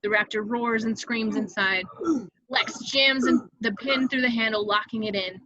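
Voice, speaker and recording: A woman reading stage directions aloud in an amateur online table read, brisk and vivid, with occasional slips she corrects. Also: on the high side, sharp tone, dry recording, muffled recording.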